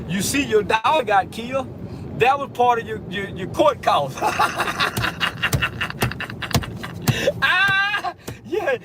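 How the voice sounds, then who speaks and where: A man's voice: very high-pitched, background noise. A man in a taunting rant who keeps laughing mockingly between lines. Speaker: internet personality in a played clip.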